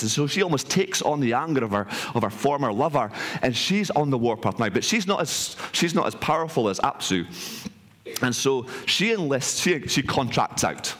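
A man retelling an ancient myth to an audience, in a lively, colloquial way with frequent restarts. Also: mid-range voice, moderate pace. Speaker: speaker. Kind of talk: animated storytelling talk. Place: hall with an audience.

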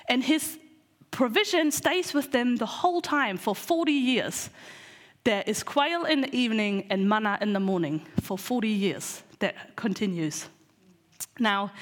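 High-voiced woman preaching in an echoing hall. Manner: chatty, animated, many fillers and restarts. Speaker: preacher teaching a Bible lesson. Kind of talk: casual church talk.

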